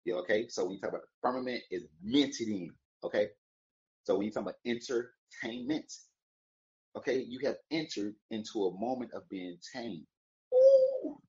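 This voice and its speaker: A vlogger offering daily encouragement talks to camera in a fairly high-pitched voice, captured with lo-fi sound. He chats casually and playfully with his viewers, rambling through jokes and wordplay as he wishes them a good day in this easygoing motivational talk.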